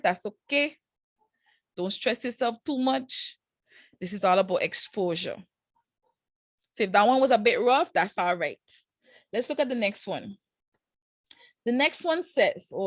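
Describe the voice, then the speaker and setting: A woman's voice: medium pitch, a bit bright, no echo. A woman teaching a live online math class, walking students through each step in a casual, encouraging way with slang asides.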